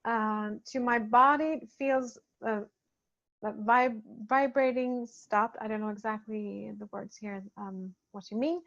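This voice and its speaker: Gentle soft-spoken woman, lo-fi sound. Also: on the high side, fairly even intonation. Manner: soft-spoken, gentle, hesitant with many pauses and fillers. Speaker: spiritual healer leading a program. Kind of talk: casual talk reading and answering participant feedback. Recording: dull lo-fi recording.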